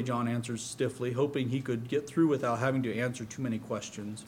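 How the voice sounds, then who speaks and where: A man preaching, reading a story aloud to a congregation in a calm, steady way. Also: medium pitch, a little fast, slight background noise.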